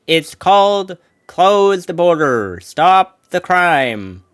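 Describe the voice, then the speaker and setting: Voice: mid-range voice, big pitch swings, very slow, a bit bright, clear, resonant tone. A political commentator ranting with exasperated sarcasm, repeating points and adding mock asides.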